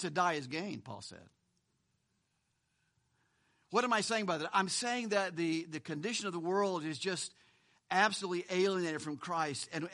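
Bright, high-voiced preaching man. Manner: emphatic, rhetorical questions, repeats words. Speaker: pastor. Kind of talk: sermon.

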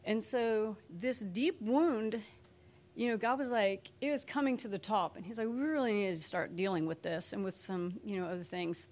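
A woman giving a conversational personal testimony in a chatty, folksy way, full of "you know" and "like", sometimes acting out quoted voices with lively energy. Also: medium pitch, moderate pace. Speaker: speaker sharing her faith testimony.

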